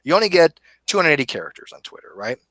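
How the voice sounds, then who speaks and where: A man hosting a live online debate show, talking in an animated, emphatic and argumentative way. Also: on the high side, fast, no echo. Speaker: host. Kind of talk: casual debate chat.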